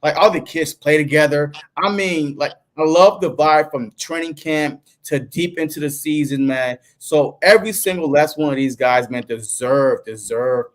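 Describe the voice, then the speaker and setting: A man's voice: a little high, normal speed, few pauses. A man co-hosting a casual sports podcast, laid-back and peppering his talk with "man". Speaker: podcast co-host.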